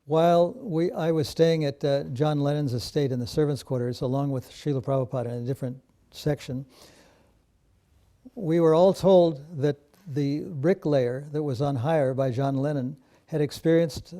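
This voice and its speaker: A man telling a personal story in a measured, steady way, with occasional fillers. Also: on the high side. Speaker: devotee recalling memories. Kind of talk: personal reminiscence.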